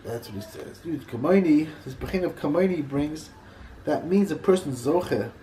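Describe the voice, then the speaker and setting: Guy teaching torah, kinda high voice, keeps restarting sentences, echoey room with a bit of hiss. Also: expressive, mellow. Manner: halting, repeats and restarts phrases. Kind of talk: informal Torah class.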